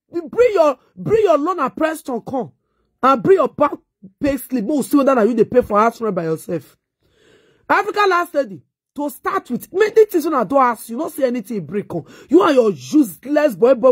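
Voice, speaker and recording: A woman's voice: a little high, sing-song, brisk, husky, dry recording, clean studio sound. A middle-aged Nigerian woman vlogger delivering a mocking, insulting rant. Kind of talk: ranting monologue.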